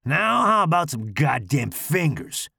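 A hulking, deformed slasher villain, voiced by a man, sneers through a rough, gravelly growl that swings between low menace and crude mockery. His speech rises and falls widely, and the audio is close and dry. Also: very animated, unhurried, sharp tone, dry recording, full character voice. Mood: menacing, crude. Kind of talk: audiobook character voice.

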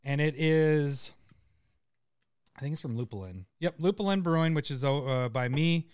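Guy cohosting a laid back show, smooth clear voice, kinda high, dry sound. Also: animated, normal speed, a little mellow, no echo. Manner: playful, laughs easily. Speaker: podcast co-host. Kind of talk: casual chat.

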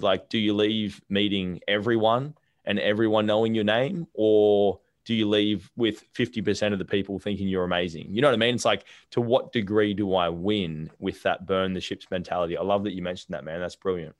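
A man with a very low voice explains his ideas in a rambling way, full of "like" and "you know". The recording is dry and close. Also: fairly even intonation, fairly quick, hardly any pauses, no echo. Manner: rambling, filler-heavy explaining. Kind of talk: casual conversation.

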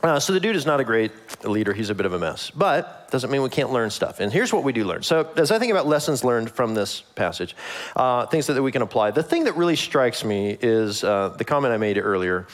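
A man's voice: mid-range voice, sing-song, brisk. A man preaching a casual sermon, reading scripture and acting out the characters in a joking, modern voice, laughing often. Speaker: pastor.

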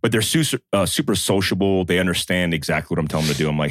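A man's voice: low-pitched, very fast, no echo, clean studio sound. A man in his thirties in casual chat, telling a story and acting out the quotes. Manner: storytelling, animated, acts out quotes.

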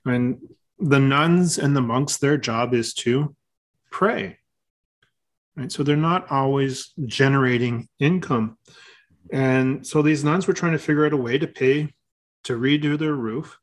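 Relaxed halting male podcast host. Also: mid-range voice. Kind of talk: casual podcast chat.

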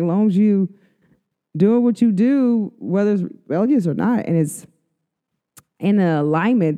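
A woman's mellow, warm voice with a smooth, clean tone talks through an astrology update. She is chatty and casual, speaks straight to her viewers and laughs often. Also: on the low side, dull audio. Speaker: astrology and oracle reader.

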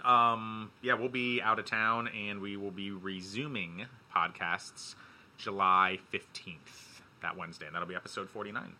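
Bright-voiced joking podcast host man. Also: lowish voice, fairly even intonation, a little slow. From Ohio. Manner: jokey, self-mocking, wraps up the show. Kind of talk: casual podcast chat.

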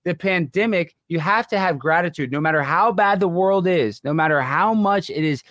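A man from Dallas with a slight Texas twang, an excitable comedian talking as a guest in a casual interview. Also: sits high, dry recording, clean studio sound. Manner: excitable, talks in quick bursts. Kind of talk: casual chat.

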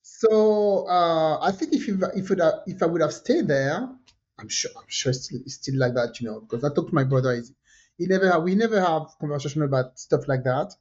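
A woman with a French accent, a native French speaker, telling animated stories in a casual podcast chat and acting out the voices of the people in them. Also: sits low, fairly quick, highs cut off. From France. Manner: animated, acts out quoted voices, repeats herself. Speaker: podcast co-host. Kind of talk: casual conversational storytelling.

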